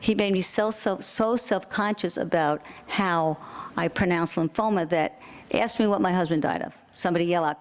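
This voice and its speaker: A woman's voice: fairly low pitch, normal speed. An older woman from Queens with a New York accent, giving a comedic keynote speech, wry and self-deprecating, building to punchlines. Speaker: keynote speaker. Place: convention hall stage.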